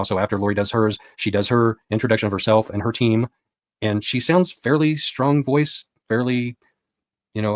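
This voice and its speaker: A man's voice: on the low side, dry recording. A man giving a casual spoken recap of a court session as a reporter, retelling what was said with quoted dialogue.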